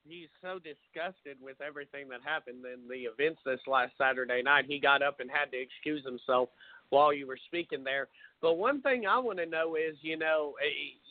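A man's voice: on the high side, no echo. Male host questioning over a phone line. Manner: probing, hesitant questions. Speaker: show host. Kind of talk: podcast interview. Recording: tinny phone line, dry.

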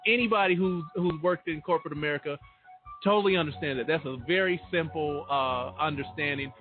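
A man talks on a radio show in an animated, emphatic way. His voice is a little high and sounds tinny over the phone line, with faint music behind it. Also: brisk. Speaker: radio co-host. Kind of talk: casual radio talk.

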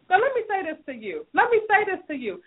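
A woman's voice: very high voice, huge pitch swings, fast talker. A woman hosting a radio advice show, preaching and scolding with emphatic repeated phrases. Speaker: radio show host giving relationship advice. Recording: phone-like narrow sound.

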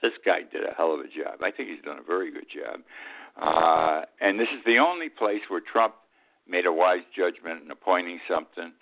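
A man's voice: deep voice, creaky. A man hosting his own weekly radio talk show, giving blunt, indignant opinion commentary. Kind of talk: opinion monologue. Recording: tinny phone-like lo-fi sound.

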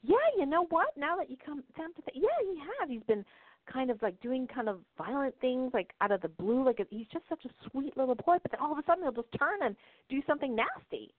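A woman putting on the high, gushing voice of a female patient talking eagerly. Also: animated, fairly quick, dry recording. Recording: phone-like narrow band, dry.

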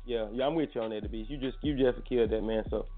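Slangy joking male radio host, tinny. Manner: loose, slangy and joking, with quick excited jumps in pitch. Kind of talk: casual morning show banter. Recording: tinny phone-like sound with faint music.

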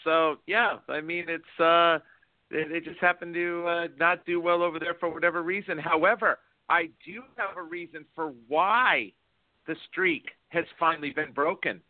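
A man with a slightly high voice co-hosts a casual sports talk show, rambling and hesitating as he goes. The recording is dry and tinny, like a phone line. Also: fairly even intonation, no room sound. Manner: rambling, full of "uh" pauses. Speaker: co-host, hockey fan.

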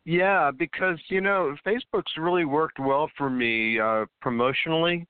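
In a relaxed interview over what sounds like a dry phone call, this male actor talks about his work and laughs a lot. His voice sits a little high, smooth, and moves at a moderate pace.

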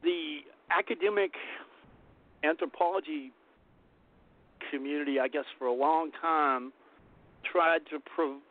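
A man's voice: on the high side, unhurried, pauses often. A man hosting a casual interview chat, talking earnestly and rambling with restarts. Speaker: interview host. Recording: tinny phone-like line.

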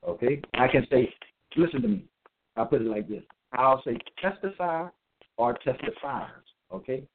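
A man delivers a religious monologue at a middling pitch, reading scripture aloud and hammering home each point. He repeats himself emphatically and slows down on the words he stresses. The sound is thin and tinny, as if over a phone line. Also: expressive.

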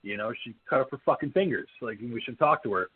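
A man co-hosting a casual horror film podcast, retelling scenes in an animated, blunt, profane way. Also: mid-range voice, fast talker, slightly rough. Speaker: podcast co-host. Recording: phone-like narrow band.

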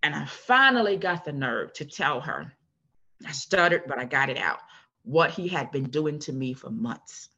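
A woman guest telling her own story in an earnest, measured way, with a husky voice. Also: deep voice, lively intonation, bright, forceful tone, dull audio. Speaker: interview guest. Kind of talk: personal testimony.

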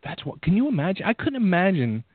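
A man's voice: high-pitched, very animated, fast, no echo. Philly-accented male radio host on a phone line. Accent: Philadelphia. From Philadelphia. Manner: upbeat, hesitant with many fillers. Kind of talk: casual radio talk show.

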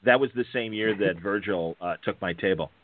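A man's voice: deep voice, a little fast. A man hosting a podcast, chatting casually and laid-back, acting out quotes in a story. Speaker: podcast host. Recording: dry tinny phone-like line.

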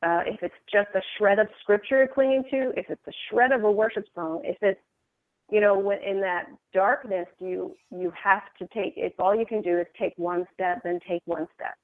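A woman guest on a faith podcast, speaking gently and reflectively with pauses and restarts. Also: medium pitch, no echo. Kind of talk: faith-based conversation. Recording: tinny phone line.

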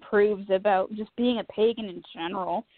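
A woman telling a story in casual chat, animated and self-mocking, swearing freely. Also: mid-range voice, normal speed, no echo. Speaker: podcast co-host. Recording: tinny phone-like line.

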